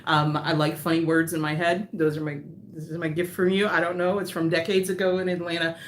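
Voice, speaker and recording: A woman's voice: on the low side, little pitch movement, brisk, reverberant, a little hiss or hum. A woman who designs knitting patterns, hosting a live stream in casual chat that wanders off on tangents, laughing often.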